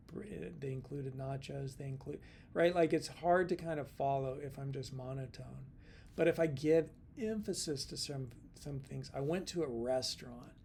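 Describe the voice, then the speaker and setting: A man's voice: on the high side, warm tone, a little hiss or hum. A middle-aged man giving a casual college lecture, chatty and repetitive, with many fillers and restarts. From California. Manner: chatty, repeats himself, plenty of fillers and restarts. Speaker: college instructor.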